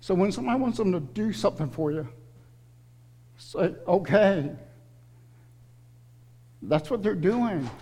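A man's voice: sits high, animated, moderate pace, pauses often, mellow, slightly rough. A middle-aged man preaching a sermon to his congregation, earnest and emotional, appealing directly to his listeners. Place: church sanctuary. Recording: long hall reverb.

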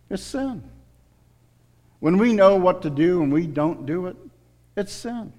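A man's voice: fairly high pitch, expressive, moderate pace, long pauses, darkish tone. A middle-aged man preaching a sermon to his congregation, earnest and emotional, appealing directly to his listeners. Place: church sanctuary. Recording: long hall reverb.

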